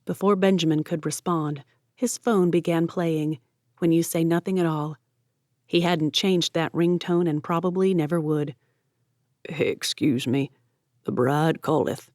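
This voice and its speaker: A woman narrates a novel in a steady, expressive way, with a voice on the lower side. The sound is close and dry, with no room around it. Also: dry recording. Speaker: audiobook narrator. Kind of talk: audiobook narration.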